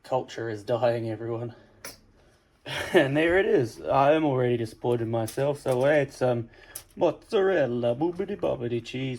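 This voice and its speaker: A man's voice: mid-range voice, normal speed, a little mellow, rough recording. A man from England doing a casual, self-mocking home cooking vlog, chatting to his dogs between steps. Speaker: cooking vlogger.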